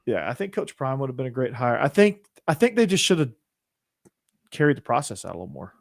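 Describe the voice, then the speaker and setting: A man's voice: medium pitch, sing-song, fast talker, vocal fry, no echo, studio quality. A young man hosting a podcast, giving opinions in a rambling, casual way. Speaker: podcast host. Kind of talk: casual chat.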